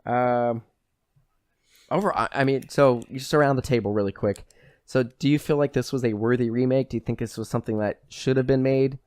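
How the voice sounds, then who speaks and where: A man's voice: mid-range voice, brisk, a little mellow, clean tone, dry recording, clean studio sound. A man hosting a podcast, chatting casually and rambling with lots of "like" and the odd swear word. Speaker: podcast host. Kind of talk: casual chat.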